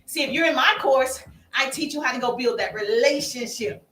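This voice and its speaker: A woman giving a live-streamed sales training, energetic and emphatic, speaking straight to her audience. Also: high voice, moderate pace, echoey room, far from the mic. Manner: energetic, emphatic and preachy, addresses the audience directly.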